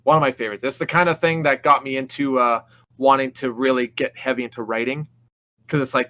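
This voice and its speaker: A man co-hosting a laid-back podcast with a voice of middling pitch. He talks about movies with real enthusiasm and jumps into raised voices to act out scenes. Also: fairly even intonation, a little fast, sharp tone, poor audio. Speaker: podcast co-host. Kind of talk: casual chat.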